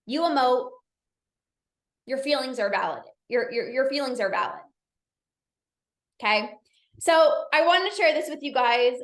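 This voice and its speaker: A woman's voice: sits high, roomy sound. A woman coach and podcast host giving an upbeat, chatty pep talk to her live audience. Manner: upbeat, chatty, encouraging, many "like"s and repeats.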